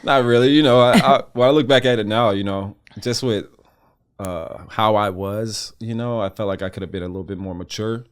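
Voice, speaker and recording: Laid-back deep-voiced Georgia man. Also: fairly quick, clean tone. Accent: Southern US, Georgia. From rural Georgia. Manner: laid-back, easygoing, hesitant with fillers. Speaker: guest, former pro baseball player. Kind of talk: casual interview chat.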